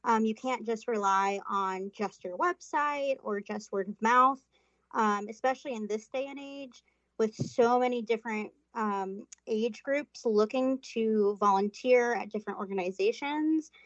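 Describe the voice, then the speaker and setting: A woman's voice: on the high side, a little slow, no room sound. A woman from Florida who manages volunteers talks earnestly as a guest on a podcast. Her answers are full of ums, and the sound is dry and somewhat dull, like a remote call. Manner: earnest, many um fillers. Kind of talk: interview answers.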